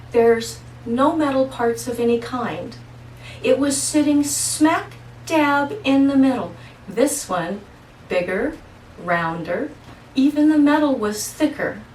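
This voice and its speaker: Slow, earnest woman in an echoey room. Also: sits high, a little mellow, far from the mic, slight background noise. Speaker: holistic practitioner and intuitive. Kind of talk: casual storytelling monologue. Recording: echoey room, voice away from mic.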